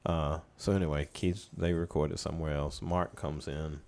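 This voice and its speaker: A middle-aged man, a studio owner casually telling stories as a podcast guest with relaxed, rambling anecdotes. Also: very deep voice, normal speed, gravelly. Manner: relaxed, rambling anecdotes, laughing as he tells them. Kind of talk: casual storytelling in a podcast interview.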